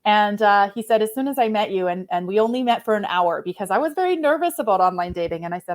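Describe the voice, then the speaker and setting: A woman's voice: medium pitch, lively intonation, fast, few pauses. A woman in her forties hosting a live online interview, talking in an effusive, heartfelt way. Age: 40s. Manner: effusive, heartfelt, openly emotional. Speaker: host.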